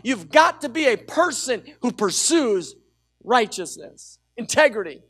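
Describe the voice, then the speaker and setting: A middle-aged man preaching a sermon as pastor, telling a personal story with lively energy and urging the congregation to call out. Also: very high-pitched, measured pace, breathy edge. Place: church sanctuary with a congregation.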